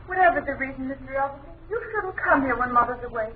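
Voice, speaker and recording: Brief: actress as an anxious, pleading young woman in an old radio horror play, high voice, distant and tinny. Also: fast, roomy sound, very noisy, lightly acted. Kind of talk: 1940s radio acting.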